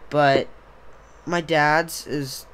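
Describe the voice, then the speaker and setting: A man's voice: on the high side, flat delivery, extremely slow, fairly bright tone, clear, resonant tone. A young man hosting a podcast, talking in a rambling, casual monologue that keeps trailing off and restarting. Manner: rambling, trailing off, self-interrupting. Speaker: podcast host.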